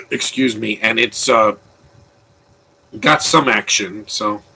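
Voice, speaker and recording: A man's voice: on the low side, animated, slow pace, vocal fry, fairly bright tone, slightly rough, low-quality recording. A man giving casual, opinionated live commentary on a movie, rambling with frequent restarts. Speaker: film commentator.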